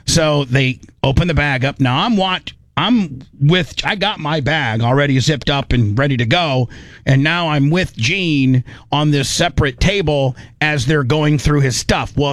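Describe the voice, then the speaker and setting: A man's voice: a little high, dry recording. A man telling a rambling, comic story in a casual chat. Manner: rambling, animated, restarts often.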